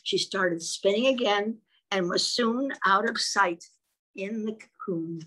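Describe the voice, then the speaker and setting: Husky woman reading a picture book aloud. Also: medium pitch, poor audio. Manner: expressive, pauses to ask little listeners questions. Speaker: storyteller for children.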